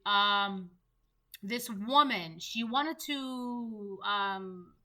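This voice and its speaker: A woman's voice: medium pitch, drawn-out words, sharp tone. A woman giving a casual spoken tarot reading. She rambles and keeps checking in with "right?" and "um". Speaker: tarot reader.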